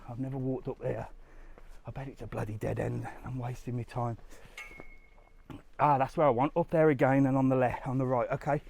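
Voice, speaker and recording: A man's voice: medium pitch, vocal fry, darkish tone, a little hiss or hum. A middle-aged man on a live walking vlog outdoors, chatting to viewers and getting out of breath on the stairs. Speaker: travel vlogger. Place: outdoors on a hillside walk.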